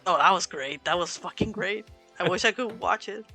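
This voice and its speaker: A woman co-hosting a casual talk podcast, blunt, excitable and swearing freely. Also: on the low side, normal speed, dry recording, faint music behind. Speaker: podcast co-host. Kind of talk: casual chat.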